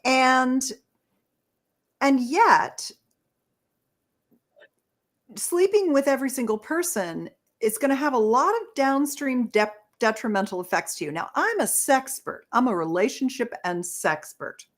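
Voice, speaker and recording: A woman's voice: sits high, expressive, a little slow. A woman guest on an interview show, a relationship expert who talks enthusiastically in a coaching tone and laughs often. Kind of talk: conversational interview.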